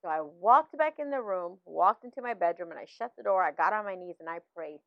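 A middle-aged woman, a minister's wife, telling a personal faith testimony in casual talk, animated, with many fillers and restarts. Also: on the low side, a little fast, creaky, no room sound. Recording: dull, slightly lo-fi, dry sound.

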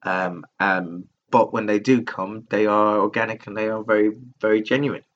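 A man's voice: fairly low pitch, little pitch movement, normal speed, a bit bright, dull audio. A man talking candidly and casually on a solo podcast, rambling and swearing often as he restarts his sentences. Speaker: podcaster recording alone. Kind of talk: casual personal monologue. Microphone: laptop recording software.

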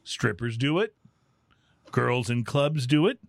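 A man's voice: mid-range voice, lively intonation, slow, creaky, dry recording. Playful male podcast host, dry sound. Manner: playful, hammy when announcing segments. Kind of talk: casual chat while tasting whiskey.

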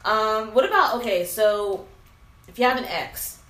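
A woman hosting a casual chat, lively and quick to laugh as she asks questions. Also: mid-range voice. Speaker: podcast host. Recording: echoey room with faint noise.

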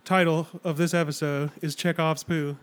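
A man's voice: a little high, little pitch movement. A man co-hosting a podcast, cracking jokes and laughing while mocking a movie. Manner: quick, joking, laughs often. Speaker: podcast co-host. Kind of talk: casual chat reviewing a movie.

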